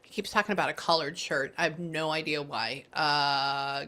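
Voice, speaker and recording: A woman giving a psychic reading, thinking aloud and often pausing to say hang on. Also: sits low, steady tone, sharp tone, a little hiss or hum. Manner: chatty, thinks aloud, keeps saying "hang on". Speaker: psychic medium. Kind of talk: live reading session.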